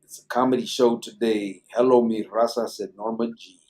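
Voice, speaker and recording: A man's voice: lowish voice, fairly even intonation, normal speed, dark tone. A middle-aged man hosting a live late-night podcast, reading viewer comments in a laid-back, profane, joking way. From Arizona. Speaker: podcast host.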